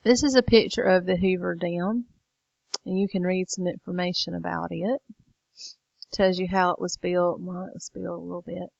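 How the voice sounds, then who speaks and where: A woman's voice: lowish voice, steady tone, moderate pace, creaky, darkish tone, dry recording, muffled recording. A woman teacher walking students through a lesson late in the evening, tired and yawning. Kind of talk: recorded lesson walkthrough.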